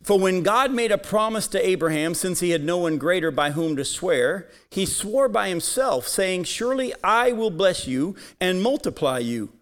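A man's voice: sits high, expressive, normal speed, few pauses, fairly bright tone. A man preaching a sermon, reading Bible passages aloud and putting emphatic questions to his listeners. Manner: emphatic, asks the audience questions.

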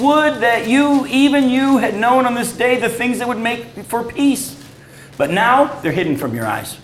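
Man, preacher, sermon, scripture reading, animated, slightly high voice, faint background ambience. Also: reverberant, slight background noise, rough recording. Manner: animated, swings from loud emphasis to low, quiet stresses. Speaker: pastor.

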